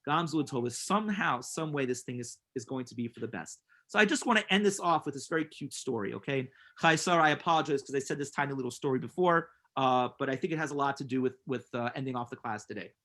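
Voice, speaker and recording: A man's voice: medium pitch, fast, hardly any pauses, sharp tone. A man teaching a class as a rabbi, earnest and emphatic, telling personal stories and repeating words for stress. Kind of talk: inspirational class with storytelling.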